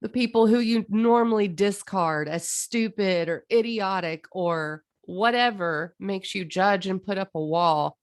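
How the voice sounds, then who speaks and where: A woman's voice: medium pitch, measured pace, hardly any pauses. A woman astrologer giving a heartfelt, impassioned monologue, stretching out phrases for emphasis.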